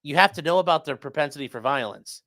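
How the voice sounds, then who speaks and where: A man, an attorney, giving casual, animated legal commentary on a trial and slipping into jokey put-on voices. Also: fairly high pitch, fast, no room sound, clean studio sound.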